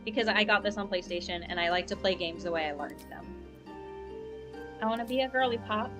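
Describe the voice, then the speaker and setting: A young woman gaming streamer chats casually and upbeat during a live stream, rambling at a fairly quick pace in a medium-pitched voice. She's recorded at home on a lavalier mic, with music playing underneath.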